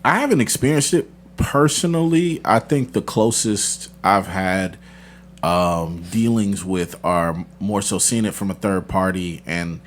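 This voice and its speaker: A man's voice: deep voice, measured pace, a little hiss or hum. Confident man chatting casually on a podcast. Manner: confident, animated storytelling. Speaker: podcast host. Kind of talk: casual chat.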